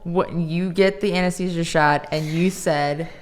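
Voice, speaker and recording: A woman's voice: fairly low pitch, steady tone, a little slow, crowd noise. A woman co-hosting a casual podcast chat, teasing her friend and prompting her with questions. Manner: prompting, teasing interviewer, asks leading questions. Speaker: podcast co-host.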